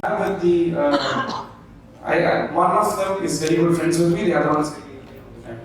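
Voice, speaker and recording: A man's voice: a little high, moderate pace, crowd noise. A man giving a talk to an audience, teaching and checking in with "okay?" and "right?". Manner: leads the audience through movement drills. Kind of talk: public talk and panel answer. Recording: very echoey hall, distant mic.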